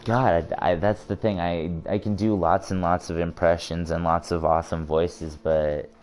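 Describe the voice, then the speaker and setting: A young man from the United States chatting on a live stream in a very low, mellow voice. He talks loosely, laughs a lot and often restarts mid-sentence. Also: flat delivery, normal speed, faint music behind. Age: 20s. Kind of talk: casual live-stream chat.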